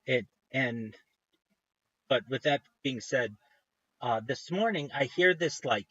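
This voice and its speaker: A man chatting on his livestream, wandering from thought to thought and breaking off mid-sentence with eager enthusiasm. His voice sits at an ordinary middle pitch, close and dry with no room sound. The stream audio is a little dull and lo-fi. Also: lively intonation, takes it slowly, a bit bright, dry recording. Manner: meandering, self-interrupting, enthusiastic. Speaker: livestream host. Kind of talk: casual rambling livestream chat.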